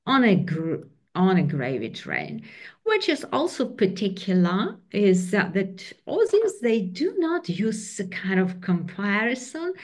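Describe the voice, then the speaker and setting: Slow, hesitant woman lecturer. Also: medium pitch, wildly swooping pitch. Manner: hesitant, many fillers and restarts. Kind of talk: academic presentation on slides. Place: online training session.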